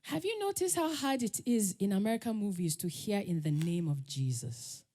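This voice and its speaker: A middle-aged Nigerian woman with a Nigerian English accent, giving a lively storytelling talk as a conference speaker. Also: medium pitch, moderate pace. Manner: lively, laughs often, acts out quotes.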